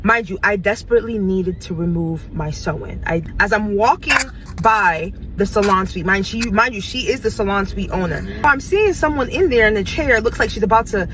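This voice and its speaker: A woman's voice: mid-range voice, animated, normal speed, hardly any pauses, noisy background. A woman sitting in a car, recounting a salon visit step by step in casual storytime.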